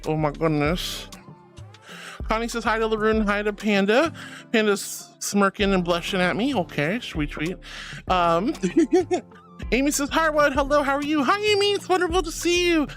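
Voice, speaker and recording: A woman's voice: on the high side, lively intonation, moderate pace, fairly bright tone, faint music behind. A woman streaming casually, greeting her chat in a bubbly, affectionate, giggly way. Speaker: VTuber streamer.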